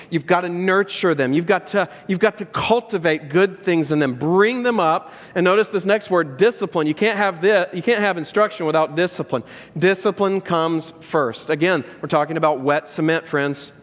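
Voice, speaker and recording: A pastor giving a sermon to fathers, earnest and direct, repeating key lines for emphasis. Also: a little high. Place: church sanctuary. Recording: echoey hall with long reverb.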